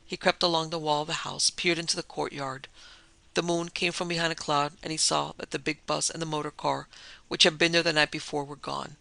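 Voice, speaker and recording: Gravelly, bright male storyteller. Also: a little high, little pitch movement, brisk, no echo. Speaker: audiobook narrator. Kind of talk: scripted narration of a pulp adventure story.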